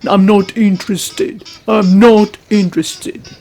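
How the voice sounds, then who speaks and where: A woman's voice: mid-range voice, steady tone, slow pace, warm tone, poor audio. A woman voicing a grumpy lone bird who snaps at onlookers in a comic wildlife voice-over. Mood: irritated. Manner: irritable, snappish.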